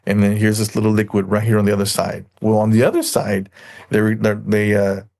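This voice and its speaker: Male podcast guest, gravel in the voice, meandering anecdotal storyteller. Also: lowish voice, little pitch movement, a little fast, a little mellow. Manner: rambling storyteller, acts out quoted people. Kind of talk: casual podcast chat.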